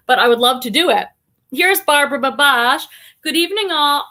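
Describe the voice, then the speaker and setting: A woman's voice: high-pitched, sharp tone. A middle-aged woman from the United States hosting a casual live stream, chatting upbeat and reading viewer comments aloud.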